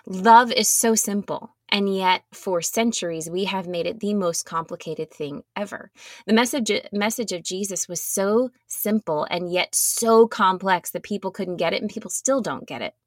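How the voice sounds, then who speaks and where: A woman giving a reflective, earnest sermon, sometimes dropping to a soft near-whisper. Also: mid-range voice, unhurried, no room sound, studio quality. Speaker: speaker giving a devotional talk.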